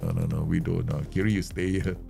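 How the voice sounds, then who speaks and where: Man, gravelly voice, game streamer, casual chat, joking, faint background music. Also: sits low, little pitch movement, fairly quick, warm tone. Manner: chatty, joking, talks to viewers; mock-angry rants at players, laughing.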